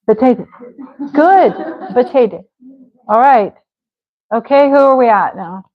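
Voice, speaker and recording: A patient American woman leads a live English class, breaking words into syllables and praising each learner. She talks slowly in a fairly high voice. The audio is a bit dull and lo-fi. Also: expressive. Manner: encouraging, slows to sound out words. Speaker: English teacher. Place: online class.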